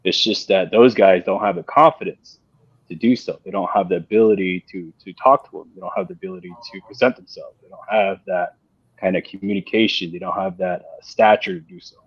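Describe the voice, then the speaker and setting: A man talking on a panel in a casual discussion, halting and repeating himself with many fillers. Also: low-pitched, fairly even intonation, slightly rough, no room sound. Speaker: panel guest. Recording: dull dry lo-fi sound.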